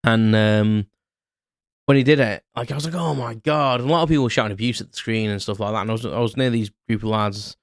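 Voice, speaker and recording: A man's voice: on the low side, steady tone, quick pace, dry recording, studio quality. A British man in his thirties, hosting a podcast and telling an unscripted story in a rambling way with restarts. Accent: British English. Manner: rambling, many restarts and fillers. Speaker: podcast host. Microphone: close podcast mic.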